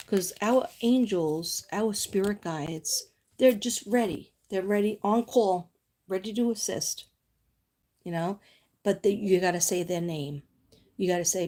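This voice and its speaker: A woman hosting a casual psychic livestream, talking straight to her viewers with reassuring, rambling warmth and reading aloud from oracle cards. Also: on the low side. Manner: chatty, reassuring, drifts off on tangents; reads from oracle cards and speaks to viewers by name.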